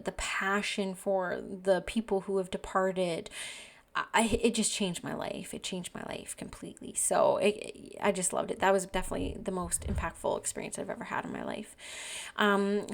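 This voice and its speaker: A woman hosting her own podcast, telling personal stories in an earnest, emotional, chatty way. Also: mid-range voice. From Canada. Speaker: podcast host and medium teacher. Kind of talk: casual storytelling podcast.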